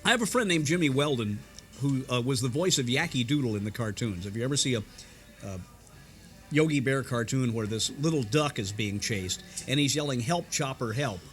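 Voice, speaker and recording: A man's voice: medium pitch, expressive, brisk, soft background music. An older man from Indiana, a veteran radio broadcaster, telling anecdotes in a restaurant and mimicking voices and sound effects. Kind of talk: anecdotal storytelling.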